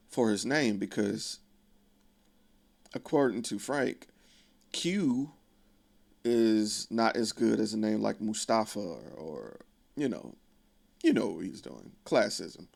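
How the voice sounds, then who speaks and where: A man's voice: mid-range voice, vocal fry. A man casually retelling a film plot in a profane, conversational way with wry asides. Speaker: video creator.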